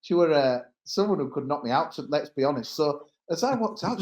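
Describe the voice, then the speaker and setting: A man's voice: high-pitched, animated, fast talker, few pauses, reverberant. A man with an East Midlands accent telling a rambling story with laughs on a casual football podcast. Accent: English East Midlands. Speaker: pod regular.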